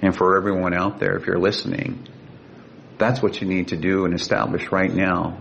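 An older man from California, a guest telling a personal story in an earnest, emotional way and slowing down for quoted speech. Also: level tone, gravelly, fairly bright tone. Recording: dull lo-fi sound with faint rumble.

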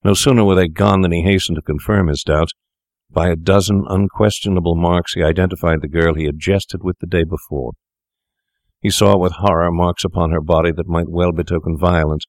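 A man reading a story aloud in a measured, even manner as narrator. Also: low voice, dry recording, clean studio sound. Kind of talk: scripted audiobook narration.

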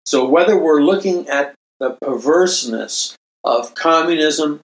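Brief: older male Christian speaker, unhurried emphatic preaching, roomy echoey recording. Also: on the high side. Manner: slow, emphatic, repeats phrases for stress. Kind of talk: preaching monologue. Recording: roomy echo.

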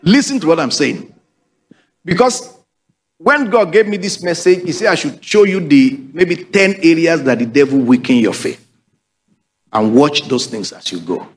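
A man's voice: a little high, lively intonation, normal speed, slightly rough. A man preaching a sermon, emphatic and repetitive, calling on the congregation to repeat after him. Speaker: pastor.

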